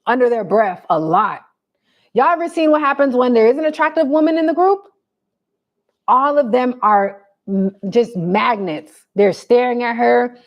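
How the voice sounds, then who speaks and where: A woman's voice: on the high side, expressive, moderate pace. A woman vlogger giving blunt, preachy advice to her viewers in a casual chat.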